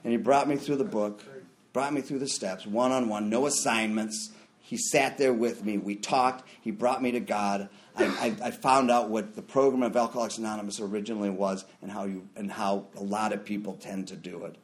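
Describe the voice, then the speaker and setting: Middle-aged man, recovery share, lively storyteller, loud bursts when quoting others. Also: fairly low pitch, moderate pace. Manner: animated storyteller, jumps into loud acted quotes. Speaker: recovery meeting speaker. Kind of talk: personal story shared at a meeting.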